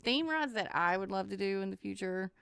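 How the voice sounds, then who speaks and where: A woman co-hosts a podcast in casual chat, rambling through stories and laughing often. Her medium-pitched voice is expressive, brisk, and a bit bright, with vocal fry and a clean, echo-free tone.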